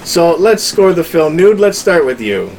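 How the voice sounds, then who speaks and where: Teasing high-voiced podcast host man. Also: very animated, unhurried, creaky, darkish tone, faint music behind. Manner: teasing, dry, asks questions. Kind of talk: casual podcast chat.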